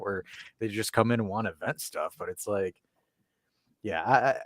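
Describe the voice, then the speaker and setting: Low-voiced man riffing on a livestream. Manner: rambling, swearing, reads chat aloud. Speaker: podcast co-host. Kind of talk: casual livestream chat.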